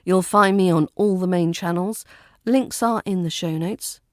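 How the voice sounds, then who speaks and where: A woman with a British accent, hosting a podcast lesson and teaching pronunciation with clear, careful delivery. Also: fairly low pitch, measured pace, no echo, clean studio sound. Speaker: accent coach and podcast host. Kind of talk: spoken English lesson.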